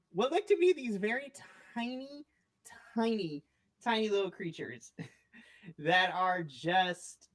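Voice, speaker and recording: A woman narrating as game master on a live stream, playful and quick to laugh. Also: mid-range voice. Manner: giggly, playful, often breaks into laughs.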